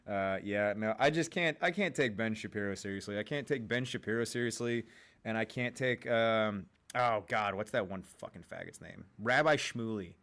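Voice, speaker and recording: A man's voice: lowish voice, a little slow, fairly bright tone. Profane rambling young male streamer. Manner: profane, rambling, laughs often at his own jokes. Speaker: livestream host. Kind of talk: rambling livestream chat.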